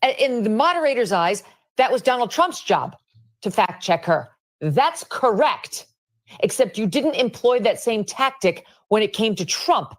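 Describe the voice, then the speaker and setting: A woman's voice: fairly high pitch, very animated, a little slow. A woman giving indignant, emphatic opinion commentary on a news broadcast. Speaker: political commentator.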